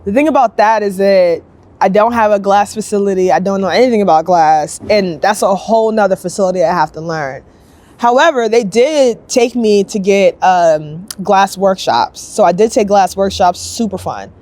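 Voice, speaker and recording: Young woman, chatty, upbeat, casual interview, mid-pitched voice, sculptor telling her story. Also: darkish tone. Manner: chatty, upbeat, quick bursts, acts out quoted voices.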